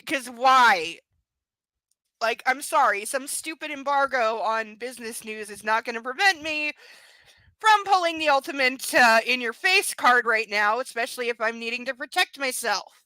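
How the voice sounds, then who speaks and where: A woman's voice: on the high side, moderate pace, sharp tone, no echo. A young adult woman doing a live reading of a book, breaking off into mocking, sarcastic commentary. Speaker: reader and commentator.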